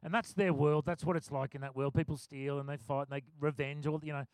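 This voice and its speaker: A middle-aged man preaching a sermon, telling stories in a relaxed conversational way and laughing often. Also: a little high, fast talker, dry recording. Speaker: pastor.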